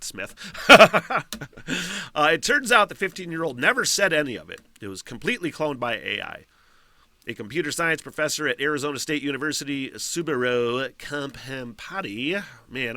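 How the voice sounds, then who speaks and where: Solo podcast host, man, crisp bright voice, dry booth sound, profane off-the-cuff commentary. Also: medium pitch, no echo. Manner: profane, animated, reacts with laughs and asides. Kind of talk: casual solo podcast commentary, reading a news story aloud.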